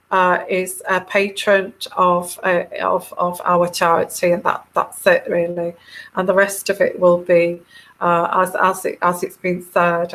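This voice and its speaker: A woman's voice: medium pitch, a bit bright. A middle-aged woman, talking casually as a tarot reader, chatty and giggly, with many fillers and restarts. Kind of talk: casual monologue.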